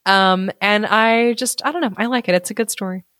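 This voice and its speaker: A woman co-hosting a podcast, reading a fairy tale aloud and chatting about it in a lively, laughing way. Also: medium pitch, a little fast, no room sound, studio quality. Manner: animated, laughs often, voices quotes. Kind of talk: casual chat and storybook reading.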